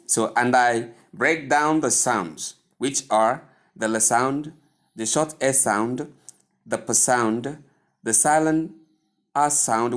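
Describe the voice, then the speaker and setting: Nigerian guy teaching pronunciation, talks real slow, spells stuff out letter by letter. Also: mid-range voice. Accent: Nigerian English. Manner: deliberate, spells words out letter by letter and repeats them for practice. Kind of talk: video lesson.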